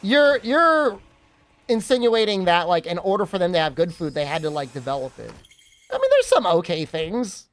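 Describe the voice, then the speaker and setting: A man's voice: high-pitched, wildly swooping pitch, normal speed, fairly bright tone. A young American man streaming and chatting casually, joking and reacting to questions from his chat.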